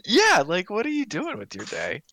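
Laughing man with a lively, bouncy voice. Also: high voice, moderate pace, gravelly, dry recording. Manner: laughing often, playful. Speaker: podcast co-host. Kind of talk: casual comedic chat.

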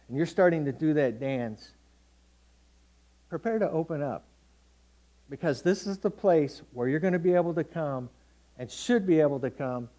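Middle-aged male preacher, conversational sermon, mellow slightly high voice, folksy anecdotes.

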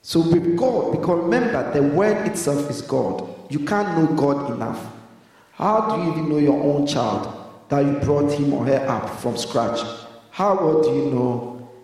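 Slow, measured preacher in an echoey hall. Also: male voice, on the high side, expressive, a little mellow, recorded from a distance, faint music behind. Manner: call-and-response preaching, asks congregation to complete sentences. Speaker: pastor. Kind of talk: sermon. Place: church hall.

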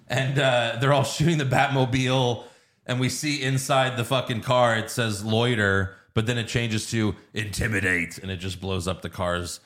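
A man's voice: mid-range voice, steady tone, normal speed, fairly bright tone. A man hosting a podcast, recapping a movie in casual chat, swearing freely and putting on silly voices for the characters. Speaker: podcast host.

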